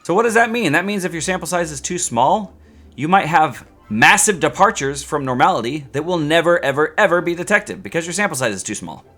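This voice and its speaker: Animated, playful male statistics teacher. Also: fairly high pitch, a little fast, soft background music. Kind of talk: scripted educational video.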